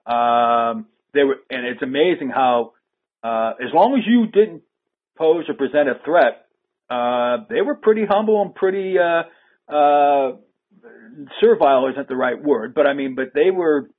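A man's voice: medium pitch, animated, measured pace. A man hosting a casual conversation, rambling and hesitant with frequent restarts. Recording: phone-like lo-fi line.

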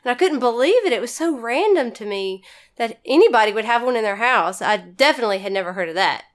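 A woman's voice: on the high side, lively intonation, fast talker. A woman from Mississippi, a podcast guest telling stories casually with laughs. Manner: chatty, laughing, says y'all. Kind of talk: casual storytelling.

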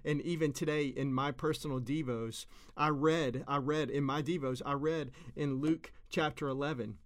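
A man's voice: a little high, fairly even intonation, normal speed. Guy in his 30s preaching a devotional, earnest and chatty, keeps repeating himself to make a point. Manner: earnest, conversational, repeats phrases for emphasis. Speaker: pastor. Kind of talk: devotional sermon.

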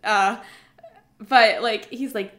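A woman's voice: on the high side, fairly even intonation, takes it slowly, pushed and bright. A woman casually retelling a survival story to a friend, chatty, with lots of fillers, acting out the quotes.

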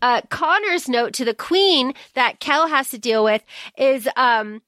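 A woman's voice: high-pitched, animated, measured pace, a bit bright, no room sound. A woman co-hosting a podcast, chatting casually and frankly about a book, swearing freely and acting out lines. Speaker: podcast co-host. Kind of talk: casual book discussion chat.

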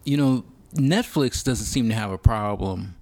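A man co-hosting a casual podcast chat, thoughtful and halting, with many pauses and restarts. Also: fairly low pitch, animated, darkish tone, no room sound. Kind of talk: casual film-industry chat.

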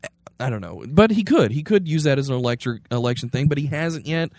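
A young man co-hosting a casual political chat podcast, talking in animated, rambling bursts with restarts. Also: on the high side, fast, no echo, clean studio sound. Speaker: podcast co-host.

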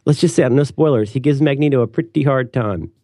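A man in his thirties co-hosting a podcast, chatting casually in a rambling, animated way. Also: medium pitch, a little fast, no echo, studio quality. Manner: rambling, self-interrupting, animated. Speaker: podcast co-host. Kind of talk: casual chat.

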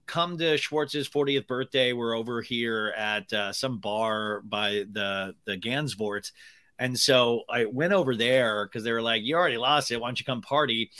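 A man in casual conversation as a podcast guest, spinning rambling, animated stories full of restarts. His voice is bright and forceful at an ordinary middle pitch. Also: normal speed. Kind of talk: casual chat.

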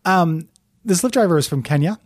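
A man's voice: sits high, expressive, a little fast, no room sound. A man hosting a casual comedy podcast, telling stories in an easygoing, rambling way. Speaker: podcast host.

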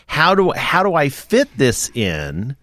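A man's voice: medium pitch, takes it slowly, no echo, clean studio sound. A man co-hosting a podcast, telling a story in casual chat and often stammering over his words. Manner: animated storyteller, stammers and repeats. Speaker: podcast co-host.

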